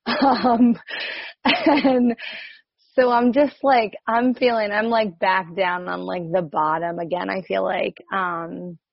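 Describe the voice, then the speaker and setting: A woman's voice: mid-range voice, fairly even intonation, slow pace, creaky, no echo. A rambling, self-questioning woman from New Jersey, sharing openly on a group video call. She speaks with many "like"s and laughs often, in a dry, close voice. The video-call audio is slightly dull. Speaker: coach.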